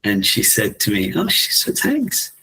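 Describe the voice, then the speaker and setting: A man in his fifties, co-hosting a podcast in a reflective, musing conversational way, soft-spoken and often laughing. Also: on the low side, sing-song, normal speed, a little hiss or hum. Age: 50s. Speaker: podcast co-host.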